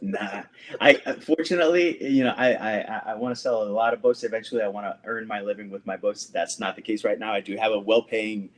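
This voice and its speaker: A man with a Puerto Rican accent, a guest author chatting in a relaxed way, with hesitant starts and easy laughs. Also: lowish voice, a little fast. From Puerto Rico. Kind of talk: casual interview chat.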